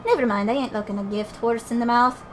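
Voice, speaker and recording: A woman's voice: a little high, a little hiss or hum, lightly acted. Woman doing a grumbling old fairy. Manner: grumbling, brisk. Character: spry old male fairy.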